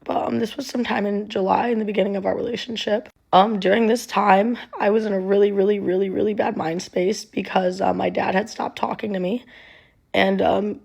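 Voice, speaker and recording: A young woman telling a painful personal story to camera in a halting, casual way, full of ums and restarts. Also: medium pitch, steady tone, vocal fry, a little mellow, breathy edge.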